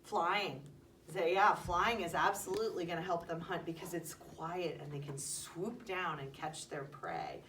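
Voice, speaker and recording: A woman's voice: lowish voice, fairly even intonation, unhurried, a bit bright. A woman teaching young children, patient and encouraging, asking questions and calling on them by name. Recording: distant mic, faint background noise.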